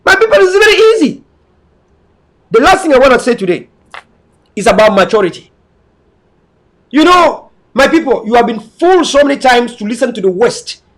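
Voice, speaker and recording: A man from Cameroon, English not his first language, delivers a long lecture to his viewers. His voice sits very high, and he hammers each point with emphatic repetition, like a preacher. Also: sing-song, moderate pace, pauses often, fairly bright tone. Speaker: online commentator.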